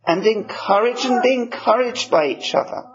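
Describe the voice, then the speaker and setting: A man preaching a sermon. He reads scripture in a measured way and explains it. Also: very high voice, expressive, a crowd in the background. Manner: measured, slow reading of scripture. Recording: dull lo-fi recording.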